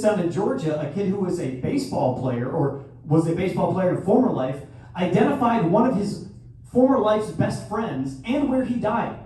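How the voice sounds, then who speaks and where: A man in his thirties doing a crude stand-up comedy set with sudden loud outbursts. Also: sits high. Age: 30s. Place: live venue hall. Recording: echoey hall from far off, faint noise.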